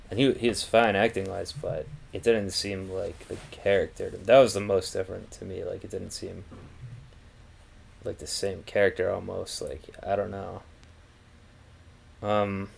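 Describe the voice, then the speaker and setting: A man's voice: deep voice, creaky, darkish tone. A man reviewing a film on a casual live stream, thinking aloud and restarting his sentences with many fillers.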